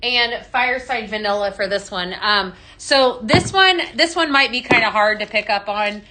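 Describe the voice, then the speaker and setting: A woman's voice: on the high side, moderate pace, bright, forceful tone, a little hiss or hum. A woman with a Texan accent hosting a casual live stream, chatty and bubbly, greeting viewers by name and laughing often. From Texas. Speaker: live-stream host mixing fragrances. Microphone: phone.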